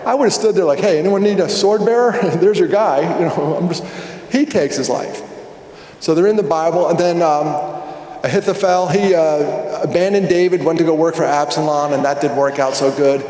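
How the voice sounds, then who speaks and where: Man, fairly high voice, conference talk, casual and joking, echoey hall with long reverb. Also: normal speed, warm tone. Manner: conversational, jokey, asks the audience questions. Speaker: conference speaker. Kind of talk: storytelling keynote talk. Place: large hall with an audience.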